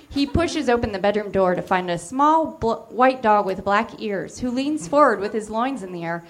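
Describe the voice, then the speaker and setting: A woman giving a deadpan, matter-of-fact comic reading of fan fiction on a theater stage. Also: on the high side. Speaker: reader.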